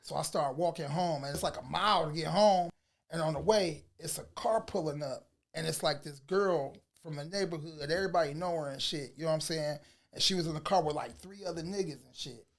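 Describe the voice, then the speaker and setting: Animated man telling a story. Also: fairly quick, gravelly. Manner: animated, slangy, swings from low mutters to loud bursts. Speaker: vlogger. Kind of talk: casual storytelling.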